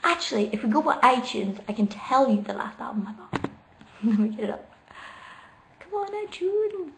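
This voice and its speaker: A woman's voice: fairly high pitch, a little fast, creaky, a bit bright, a little hiss or hum. A woman in a casual late-night livestream from home, talking into her laptop while sitting on the floor, chatty and giggly as she reads out viewer questions and answers them. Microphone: laptop microphone.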